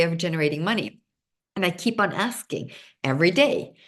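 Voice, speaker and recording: A lively woman whose first language is Swedish hosts an online seminar in English, her voice sitting a little low. She talks with bubbly intensity on a video call. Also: moderate pace. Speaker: seminar host.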